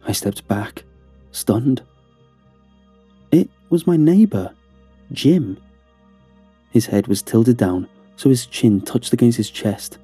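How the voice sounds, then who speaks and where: A man's voice: mid-range voice, slow, long pauses, warm tone, husky, no room sound, faint music behind. A man narrating a first-person horror story in a tense, dramatic storytelling manner.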